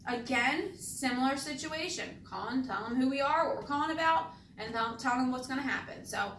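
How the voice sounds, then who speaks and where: A high-voiced woman coaching salespeople, rolling through phone scripts and leaning hard on the words she wants heard. She sounds a little distant from the mic, in an echoey room. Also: a little fast, hardly any pauses, fairly bright tone, slight background noise. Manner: emphatic, stresses key words on purpose. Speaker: insurance sales trainer. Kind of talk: training talk with demonstrated phone scripts.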